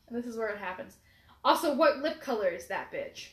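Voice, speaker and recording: A woman's voice: on the high side, a little fast, reverberant. A woman in her twenties telling a funny story in casual chat, swearing often and laughing as she goes. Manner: profane, animated, laughing storyteller.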